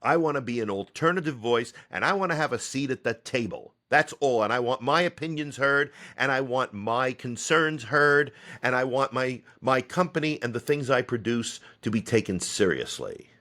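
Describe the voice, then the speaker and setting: A man's voice: medium pitch, lively intonation, normal speed, few pauses, bright, forceful tone. A man from the United States who heads a theater company, hosting a solo podcast. He rambles, pokes fun at himself and drops sarcastic asides.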